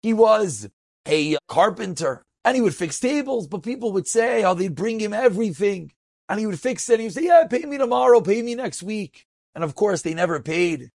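A man telling an inspirational story as a rabbi, animated and acting out the voices of the people in it. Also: sits high, normal speed, vocal fry, dry recording, clean studio sound. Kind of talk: storytelling talk.

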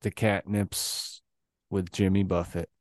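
A man's voice: sits low, level tone, slow, dry recording, clean studio sound. A young man hosting a podcast in casual chat, telling stories loosely with lots of fillers and laughs. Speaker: podcast host.

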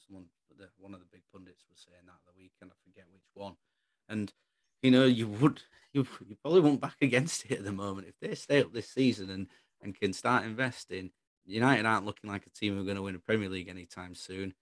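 A man with a fairly low voice rambles through his football opinions in a relaxed, casual chat. The recording is close and dry, with no room sound around him. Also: fast, no echo. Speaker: football podcast co-host.

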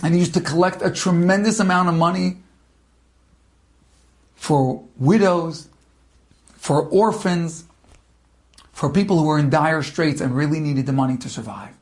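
A man giving a dramatic storytelling sermon with long pauses between phrases. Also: fairly high pitch.

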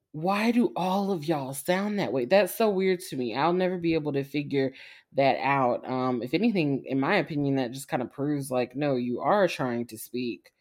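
A woman co-hosting a casual group chat, animated and quick to laugh and exclaim. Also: a bass voice. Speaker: podcast co-host.

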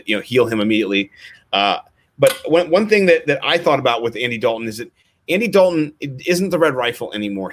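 A man's voice: mid-range voice, fairly bright tone. A man co-hosting a casual fantasy football chat, talking in a rambling, jokey way.

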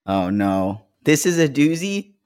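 A woman's voice: very deep voice, big pitch swings, measured pace, a little mellow, smooth. A woman co-hosting a podcast, talking casually in a rambling way with lots of fillers and acting out other people's lines. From United States. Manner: rambling, filler-heavy, acts out voices in her stories. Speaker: podcast co-host.

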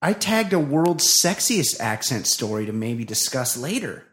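A man's voice: medium pitch, very animated, measured pace. A man co-hosting a comedy podcast in casual banter, blunt with rambling asides. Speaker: podcast co-host.

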